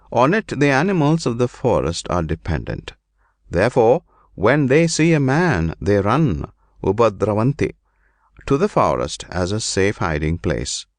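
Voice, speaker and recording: A man reading an ancient scripture aloud in slow, measured, deliberate phrases. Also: lowish voice, no echo. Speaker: reader.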